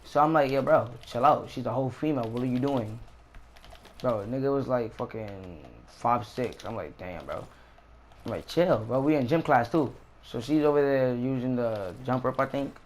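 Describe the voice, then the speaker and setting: A young man casually telling a story about a school fight in slangy, animated street talk with swearing. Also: medium pitch, moderate pace, slight background noise. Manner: slangy, animated retelling with profanity.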